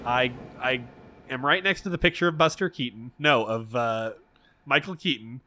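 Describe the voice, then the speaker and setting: A man's voice: medium pitch, normal speed, sharp tone, slight background noise. A man playing along in an improvised horror game, joking, rambling, and letting out mock-panicked yelps. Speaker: player. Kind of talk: casual improvised game play.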